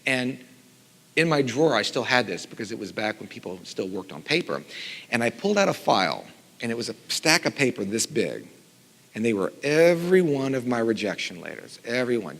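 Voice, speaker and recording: A middle-aged man, a composer and teacher, giving a conference talk with animated storytelling and lively voiced quotes. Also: medium pitch, brisk, creaky. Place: conference hall. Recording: long hall reverb.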